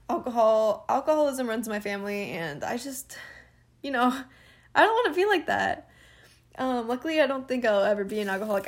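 Hosting her own podcast, this roughly twenty-year-old woman speaks a little high and a little fast, with lively intonation. Her venting is casual and candid, rambling along with heavy fillers and frequent bursts of laughter.

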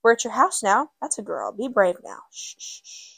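Woman reading as an anxious aunt, soft hushing manner, storybook, dry recording. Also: fairly high pitch, wildly swooping pitch, fairly quick, creaky, slightly rough, dry recording, full character voice. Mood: soothing. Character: soothing, guilt-ridden aunt.

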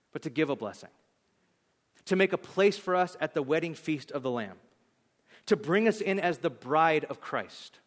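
A male pastor preaching a sermon, telling a story animatedly and acting out its lines in shifting voices. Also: a little high. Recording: long hall reverb.

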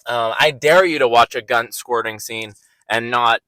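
A man delivering a comedic rant, rambling and excitable, with frequent restarts and filler words. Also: medium pitch, moderate pace, dry recording, rough recording. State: out of breath.

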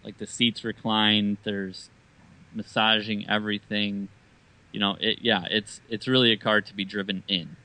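Low-ish guy bantering, dry jokes, casual podcast chat. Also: little pitch movement, measured pace, pushed and bright, poor audio.

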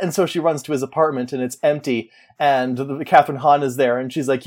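A man's voice: on the high side, steady tone, fast talker, hardly any pauses, a little mellow. A man in casual chat, animatedly retelling a movie's plot and acting out the characters' lines. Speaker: podcast co-host.

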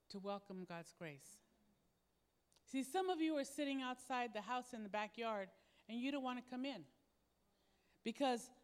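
A woman's voice: fairly high pitch, smooth. A woman pastor preaching a sermon, telling a personal story in a conversational way and acting out the dialogue. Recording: long hall reverb.

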